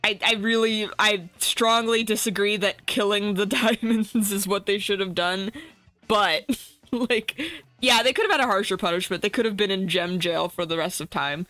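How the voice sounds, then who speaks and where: A woman's voice: medium pitch, normal speed, sharp tone, no echo, soft background music. A woman streaming while she draws, chatting casually, laughing and swearing now and then into a desk mic without a pop filter. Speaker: art streamer. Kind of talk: casual chat while drawing.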